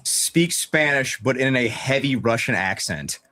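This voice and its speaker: A man's voice: mid-range voice, a little slow. A man hosting a live-stream podcast, talking casually with heavy swearing and frequent laughter. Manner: profane, animated, laughs often. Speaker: podcast host.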